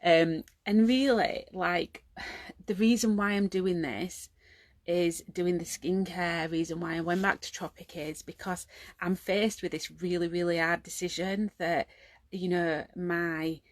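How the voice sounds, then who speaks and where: A woman's voice: on the low side, steady tone, measured pace, dry recording. A woman in her thirties, talking tiredly and emotionally to camera at home in a rambling, heartfelt confessional vlog. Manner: rambling and heartfelt, fighting back tears at times. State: exhausted. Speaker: vlogger.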